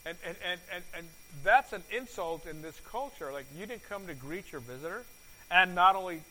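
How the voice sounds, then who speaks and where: A man delivers a sermon in a fairly high voice, often pausing to ask his listeners questions and stumbling over repeated words. His volume climbs to loud peaks and falls back to near-quiet. A faint hum sits under the recording. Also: expressive, poor audio. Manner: volume swings from loud to soft. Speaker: pastor.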